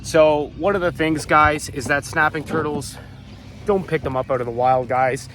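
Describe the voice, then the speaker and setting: A man's voice: on the high side, fairly even intonation, normal speed, fairly bright tone. Upbeat man vlogging outdoors by a pond. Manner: upbeat, chatty, addresses viewers as guys. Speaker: vlogger, animal keeper. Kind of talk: casual outdoor vlog to camera.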